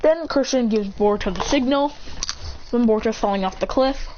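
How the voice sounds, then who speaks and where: A woman's voice: on the high side, a little fast. A woman casually telling a homemade fan story, rambling and correcting herself as she goes. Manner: rambling, self-correcting, acts out quoted lines. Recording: dull lo-fi recording with faint noise.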